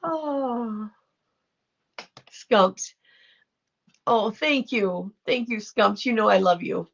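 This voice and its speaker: Slow-talking woman with a gravelly voice. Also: a little high. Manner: chatty, affectionate, reacts to viewer comments. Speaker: livestream host reading chat. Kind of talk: casual livestream chat. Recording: dull lo-fi livestream audio.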